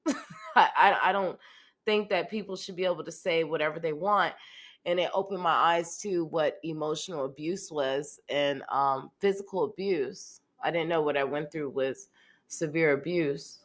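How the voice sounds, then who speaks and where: A woman guest in an interview speaking candidly, often pausing to search for words and laughing now and then. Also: low-pitched, fairly even intonation.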